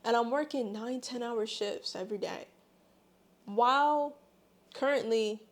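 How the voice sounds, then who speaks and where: A woman's voice: a little high, unhurried. A pregnant young woman talking earnestly and from the heart in a personal vlog, her words full of faith. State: eight months pregnant. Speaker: vlogger.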